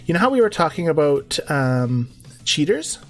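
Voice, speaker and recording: A man's voice: fairly high pitch, sing-song, normal speed. A man in his forties co-hosting a live stream in casual chat, joking and thinking aloud as he goes. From Canada.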